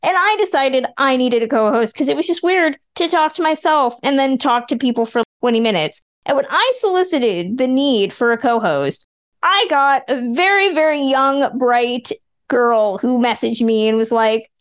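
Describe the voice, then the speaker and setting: A woman hosting a podcast, chatting casually and a little emotionally about old films. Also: high-pitched. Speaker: podcast host.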